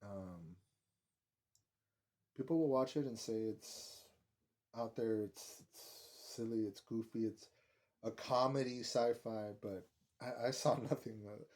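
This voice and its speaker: A man's voice: on the low side, takes it slowly, pauses often, darkish tone. A man giving a casual, rambling film review, swearing often and filling his talk with "like". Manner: rambling, profane, heavy use of "like".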